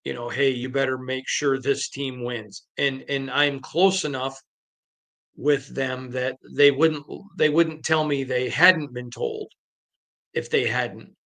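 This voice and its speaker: A man hosts a solo sports podcast, telling stories emphatically and retelling conversations. His medium-pitched voice is steady and a bit bright, and he speaks slowly.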